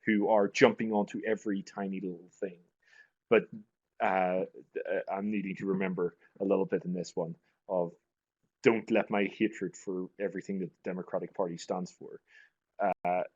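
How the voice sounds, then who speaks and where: A man's voice: low-pitched, dry recording. A man teaching an online class, talking things through conversationally with frequent restarts, over a video call. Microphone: computer mic on a video call. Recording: dull lo-fi online call audio.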